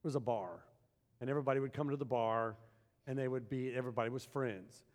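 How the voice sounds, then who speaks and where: A man's voice: medium pitch, fast talker, a little mellow. A man preaching a sermon with emphasis, often posing rhetorical questions to his congregation. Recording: long hall reverb.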